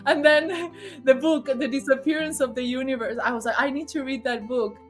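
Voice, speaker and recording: A woman's voice: high-pitched, fairly even intonation, normal speed, soft background music. Emotional woman telling a personal story. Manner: emotional, laughs often, acts out dialogue. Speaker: guest sharing spiritual story. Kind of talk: casual personal testimony.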